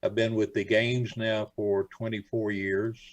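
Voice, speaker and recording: A man's voice: on the low side, little pitch movement, measured pace, no room sound, rough recording. An older man from Florida, a radio show guest, telling stories in a rambling, folksy way with lots of fillers. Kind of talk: casual interview chat.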